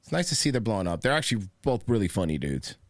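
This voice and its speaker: A male podcast host talking in a loose, rambling way, cursing freely and breaking into laughter as he goes. His pitch swings widely, and his voice sounds dry and close, with no room around it. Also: very animated, fast talker, dry recording. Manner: rambling, profane, laughs often. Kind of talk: casual chat.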